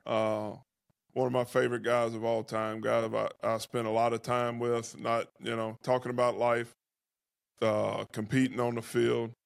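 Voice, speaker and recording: A man's voice: mid-range voice, completely flat delivery, moderate pace, vocal fry, dry recording, clean studio sound. A middle-aged man hosting a podcast, a former pro football player, chatting in easygoing, teasing banter. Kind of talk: casual podcast chat.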